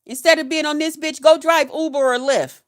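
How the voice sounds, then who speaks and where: Blunt profane woman in her fifties, high voice. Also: fairly even intonation, a little fast. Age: 50s. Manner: blunt, profane, chanting repeated phrases. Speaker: retired nurse, YouTuber. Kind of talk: profane ranting vlog.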